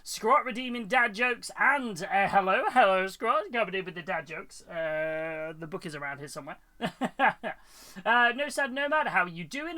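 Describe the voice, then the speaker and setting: A man's voice: high-pitched, sharp tone. A British man hosting a hobby live stream, chatting casually, greeting viewers by name and laughing often. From United Kingdom. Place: hobby room at home.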